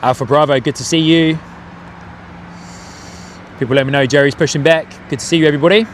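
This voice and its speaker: A man's voice: fairly high pitch, a little hiss or hum. Chatty man commentating outdoors. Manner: excitable, chatty, quick to exclaim. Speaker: live stream host. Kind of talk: live plane-spotting commentary. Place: outdoors by an airport.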